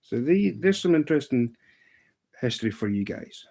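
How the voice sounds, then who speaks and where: A Scottish man in his thirties, chatting casually on a livestream and telling a rambling story, with sudden pitch jumps when he mimics other people. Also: sing-song, normal speed, darkish tone, husky. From Scotland. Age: 30s. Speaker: live streamer.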